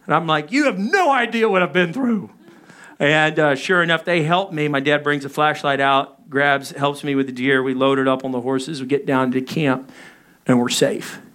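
A man in his thirties preaching a sermon, telling a personal story with animated delivery and acting out his own panicked calls. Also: medium pitch, normal speed. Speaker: pastor.

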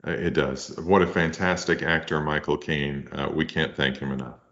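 A man co-hosts a comedy podcast with a low voice. He makes hesitant, mock-grand introductions. The audio is a bit dull and lo-fi. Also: steady tone, normal speed, fairly bright tone. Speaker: podcast co-host. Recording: slightly muffled lo-fi audio.

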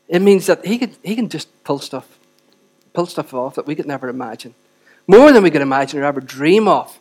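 A man preaching a sermon to a church congregation, swinging between loud exhortation and quiet, close moments, and often asking the audience rhetorical questions. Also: on the high side, animated, a little fast. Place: church service.

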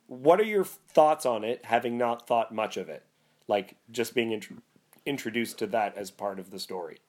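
A man's voice: medium pitch, moderate pace. A man hosting a talk show who reads a classic story aloud, then discusses it with enthusiasm. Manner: enthusiastic, animated when discussing. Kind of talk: reading aloud and casual discussion.

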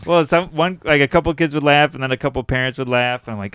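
A man's voice: fairly high pitch, fast talker, a bit bright, smooth, no room sound, studio quality. A young adult man, a comedian, telling a story in casual chat and laughing often at himself. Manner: laughs often while telling stories, self-deprecating.

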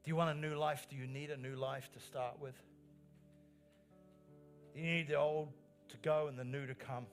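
A man's voice: on the high side, steady tone, normal speed, long pauses, soft background music. A male pastor delivering an earnest sermon in a church, stressing lines by repeating them. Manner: earnest preaching with rising emphatic phrases and repeated lines.

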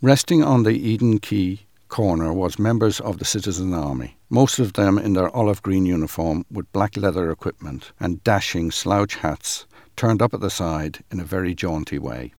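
A man giving a measured, dramatic reading of a first-person account. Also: deep voice, darkish tone, no room sound, studio quality.

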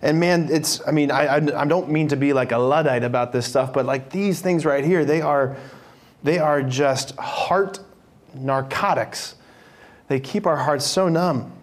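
A man's voice: a little high, measured pace. A young man giving an informal spiritual talk to a parish group, chatty, restarting sentences and laughing often. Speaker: speaker at a parish faith program.

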